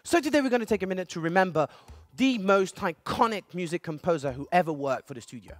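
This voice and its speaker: A man's voice: high voice, fast talker. A man hosting a playful studio video series, joking and quipping as he presents. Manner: jokey, animated, sings snippets. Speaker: host.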